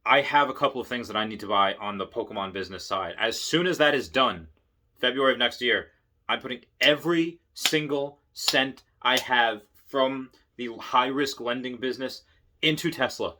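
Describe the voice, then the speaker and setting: An excitable man talking casually on his own channel, his voice bright and forward. He rambles, restarts his sentences, and builds up steam as he goes. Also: mid-range voice, moderate pace, a little hiss or hum. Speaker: investing vlogger. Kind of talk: casual monologue.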